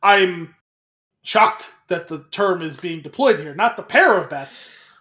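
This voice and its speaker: Wry, higher-voiced man trading quips. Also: lively intonation, takes it slowly, sharp tone. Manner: wry, quippy interjections. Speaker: podcast co-host. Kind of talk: casual chat.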